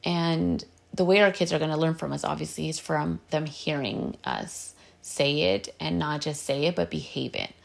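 Earnest woman with a gravelly low voice. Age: adult with a partner and kids. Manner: earnest, direct, coaching tone; slips into Spanish phrases. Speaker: podcast host giving advice. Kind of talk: casual advice talk.

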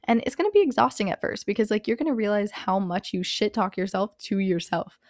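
A young woman of Hispanic background, country unspecified, hosts a podcast of casual motivational chat, speaking candidly and leaning constantly on "like" and "um." Her medium-pitched voice is brisk, lively in intonation, and somewhat dark in tone. The recording is studio quality with no room sound.

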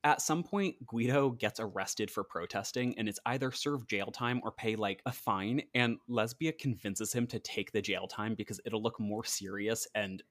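A man's voice: fairly low pitch, moderate pace, hardly any pauses, fairly bright tone, dry recording, studio quality. A man co-hosting a podcast, telling a history story in a chatty, casual way with lots of "like". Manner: chatty, uses "like" often, acts out quotes. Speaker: podcast co-host.

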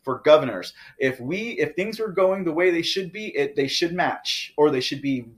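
A man's voice: a little high, lively intonation, moderate pace. A man from Texas, hosting a live political commentary show in a fired-up, ranting way, often tossing in "okay?" and "guys".

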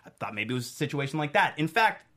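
A man's voice: a little high, sing-song, fast talker, pushed and bright. A man co-hosting a fan after-show, enthusiastically explaining comic book background. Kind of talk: casual chat.

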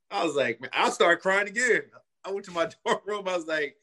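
A man's voice: sits high, lively intonation, fairly quick, pushed and bright. A middle-aged man from California, a former pro football player, telling his story as a guest in a casual interview, earnest and full of "you know" and "man.".

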